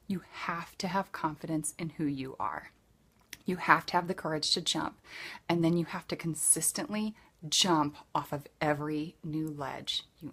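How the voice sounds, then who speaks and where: A woman's voice: fairly low pitch, fairly bright tone. A woman leading a direct-sales team, giving an earnest, emphatic motivational pep talk in a live video, with lots of repetition.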